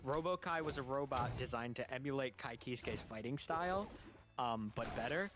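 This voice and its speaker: A man's voice: mid-range voice, normal speed. A man co-hosting a game stream in casual chat, nerdily explaining game lore at length with small chuckles.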